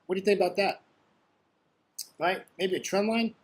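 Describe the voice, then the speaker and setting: Chatty high-voiced man. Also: moderate pace. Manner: chatty, constantly asks "right?"; blunt and joking. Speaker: forex trading educator. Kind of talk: casual screen-share trading commentary.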